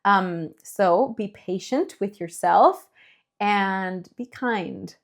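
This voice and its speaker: A woman from Spain with a Spanish accent, teaching English pronunciation, stretching words out slowly to model them. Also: mid-range voice, vocal fry. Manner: slow drawn-out modeling of words, then quick explanations. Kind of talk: bilingual language lesson.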